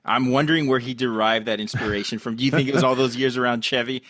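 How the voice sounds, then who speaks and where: A man's voice: mid-range voice, fairly even intonation, a bit bright, dry recording. Podcast host man with a dry sound. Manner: steers with questions, measured commentary. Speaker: podcast host leading the questions. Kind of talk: casual podcast chat.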